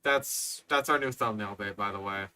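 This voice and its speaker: A man's voice: fairly low pitch, normal speed, sharp tone. A man hosting a reaction video, exasperated and swearing, rambling with fillers as he comments.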